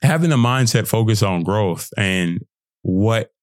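Young guy doing a pep-talk podcast, kinda low voice, dry room, goes squeaky when he mocks people. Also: measured pace, no room sound. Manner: animated, swings into high mocking voices when quoting; casual slangy talk, laughs often. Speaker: podcast host. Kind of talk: motivational solo podcast. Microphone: podcast setup.

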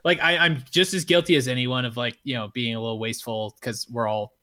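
A man telling a story in a casual podcast chat, animated and swearing freely, with lots of fillers. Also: mid-range voice, quick pace.

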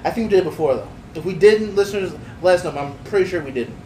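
Higher-voiced man in an echoey room. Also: animated, racing, dark tone. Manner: laid-back, leads the segments, laughs often. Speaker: podcast co-host. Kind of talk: casual chat. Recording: roomy echo, distant mic, faint noise.

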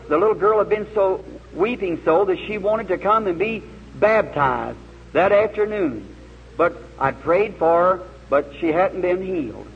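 Man, preacher, folksy and earnest, high voice, muffled old tape, long hall echo. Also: creaky, a little hiss or hum. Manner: folksy, earnest, dramatic retelling with quoted voices. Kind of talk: sermon storytelling.

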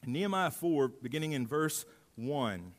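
A man's voice: medium pitch, big pitch swings, a little slow. A man preaching a sermon as a pastor, earnest and emphatic, his mouth dry from allergy medicine. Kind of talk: sermon with scripture reading. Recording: hall reverb.

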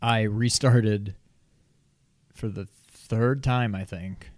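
A man's voice: lowish voice, very slow, no room sound. A man co-hosting a casual gaming podcast, playful and teasing. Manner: playful, teasing, lively delivery. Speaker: podcast co-host.

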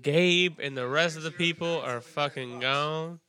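A man's voice: on the high side, measured pace, sharp tone. A man guesting on a comedy podcast, telling a rambling story and swearing freely. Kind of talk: casual storytelling.

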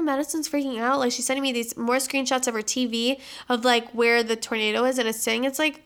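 A woman's voice: a little high, little pitch movement, fairly quick, few pauses, a bit bright. A young woman co-hosting a podcast, telling a dramatic story in casual chat, full of "like" and quoted dialogue. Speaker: podcast co-host.

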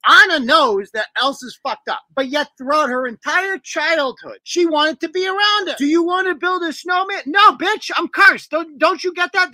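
A man's voice: very high voice, pushed and bright, no echo. A man and show host delivering a profane, mocking comedic rant.

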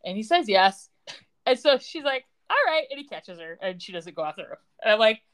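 A woman's voice: medium pitch, lively intonation, brisk. A young woman co-hosting a podcast, chatting casually and retelling scenes in a sarcastic, quoting way. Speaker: podcast co-host. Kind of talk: casual recap chat.

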